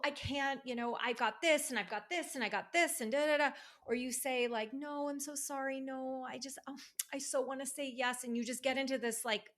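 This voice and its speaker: A woman who works as a divorce recovery coach talks in a casual podcast conversation, emphatic, animated and fired up, acting out quoted voices. Her voice is a little high.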